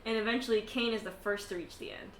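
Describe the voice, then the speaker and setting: A woman's voice: fairly high pitch, fairly even intonation, quick pace, fairly bright tone, slight background noise. Giggly woman game master, echoey room. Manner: giggly, swears casually, heavy filler words. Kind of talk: narrating a tabletop game.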